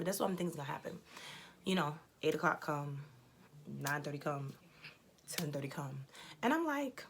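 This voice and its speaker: A woman's voice: sits low, brisk, a little hiss or hum. A woman in her twenties telling a personal story in a casual, blunt, chatty way, swearing freely. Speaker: storytelling vlogger.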